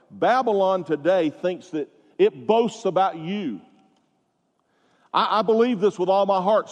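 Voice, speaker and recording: A man preaching a sermon as pastor, stressing his points with emphatic rises and drawn-out words. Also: high voice, darkish tone, in a large hall.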